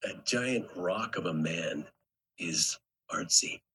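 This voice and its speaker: A man's voice: sits low, slow pace, slight background noise, poor audio. A middle-aged man, a guest actor, telling stories in a casual podcast chat and acting out the quotes in them. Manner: animated storyteller, acts out quotes.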